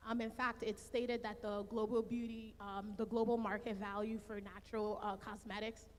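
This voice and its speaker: A woman's voice: mid-range voice, level tone, slight background noise. Earnest woman moderator in a reverberant hall. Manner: earnest, measured, with filler words. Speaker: panel moderator. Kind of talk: opening a panel discussion.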